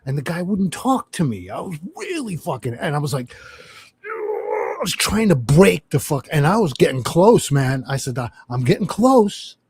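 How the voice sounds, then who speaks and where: A middle-aged man from New York telling a profane, animated story in casual chat, acting out quotes as he goes. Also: a little high, normal speed, breathy edge. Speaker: livestream host.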